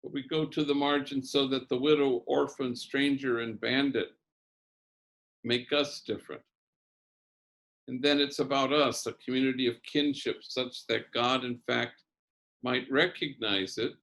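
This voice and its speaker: An older priest gives a keynote sermon, telling a story in a relaxed, conversational way. He sprinkles Spanish words into his speech. His pitch sits at a middle level for a man. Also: unhurried.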